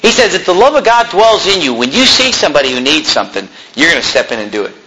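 Animated, bright-voiced man preaching. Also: fast talker, a little hiss or hum, rough recording. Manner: animated, jokey, acts out quoted people in a high voice. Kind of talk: sermon.

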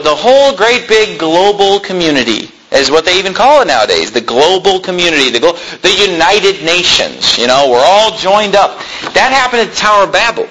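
Male pastor mid-sermon: high, bright voice, conversational but combative and emphatic. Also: low-quality recording. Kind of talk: preaching a sermon.

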